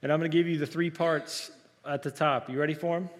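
Soft-spoken preacher in a reverberant hall. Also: male voice, fairly high pitch, fairly even intonation, quick pace. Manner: rhetorical questions to the congregation, loud emphatic quotes; self-described soft-spoken, trying to project. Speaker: pastor. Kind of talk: sermon. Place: church sanctuary.

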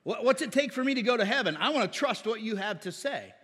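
A man's voice: very high voice, animated, fast, fairly bright tone, slightly rough, in a large hall. A man preaching as pastor, often calling for an amen from the congregation. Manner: call-and-response asking amen. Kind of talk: sermon.

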